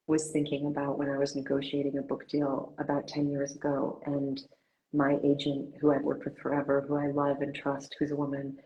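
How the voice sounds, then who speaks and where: Woman, deep low voice, author interviewer, earnest, meandering, lots of fillers. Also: warm tone, rough recording. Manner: earnest, rambling questions with many fillers. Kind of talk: conversational interview.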